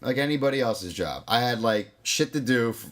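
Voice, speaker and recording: A man's voice: mid-range voice, animated, a little fast. A man with a New York accent, co-hosting a podcast in casual, rambling, profane chat. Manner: rambling, self-mocking, swears freely. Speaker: podcast co-host.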